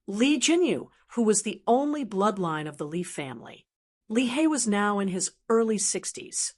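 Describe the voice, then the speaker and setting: Woman narrating a novel, steady delivery. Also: mid-range voice. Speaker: audiobook narrator. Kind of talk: scripted narration.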